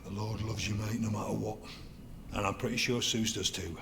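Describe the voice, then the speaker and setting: A man's voice: lowish voice, fairly even intonation, brisk, vocal fry. An actor playing a cheerful, churchgoing rig worker who teases and comforts his mates. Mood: jovial. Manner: jokey, warm-hearted teasing. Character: cheerful pious older rig worker, joking and fatherly. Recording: game audio with background noise.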